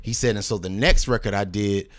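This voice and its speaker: Heavy background noise sits behind this man's lowish, slightly fast voice. He's a recording artist appearing as a podcast guest, casually telling a long story full of swearing, acted-out quotes, and "you know what I mean" asides in a laid-back manner.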